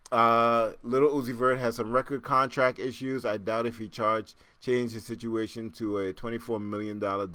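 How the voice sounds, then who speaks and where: A man hosting a casual solo podcast, joking and laughing as he reacts to listener comments, jumping between loud excited bursts and low muttering. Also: no echo. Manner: animated, joking, laughs often, repeats himself. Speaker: podcast host.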